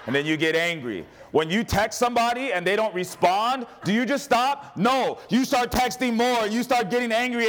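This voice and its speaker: Guy preaching a sermon, jokey and animated, keeps getting the crowd to answer back. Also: fairly high pitch. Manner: animated preaching with humor and call-and-response. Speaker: pastor.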